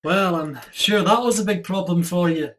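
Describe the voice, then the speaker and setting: A performer playing a quirky Scottish accent coach with a Scottish accent, patient and a bit teasing, in an online student drama over a video call. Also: male voice, high-pitched, normal speed, close to an everyday voice. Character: quirky Scotsman accent teacher.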